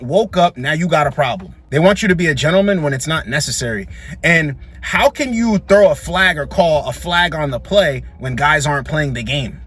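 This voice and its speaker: Blunt husky man giving commentary. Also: sits high, fairly bright tone. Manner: blunt, lecturing. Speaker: commentary host. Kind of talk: reaction commentary.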